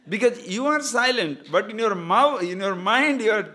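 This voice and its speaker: Man, spiritual teacher, fairly high voice, very animated pitch, repeats words, chuckles at his own stories. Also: slow, long pauses. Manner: lively, repetitive, jokes and chuckles, asks listeners questions. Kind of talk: spiritual discourse with jokes and stories.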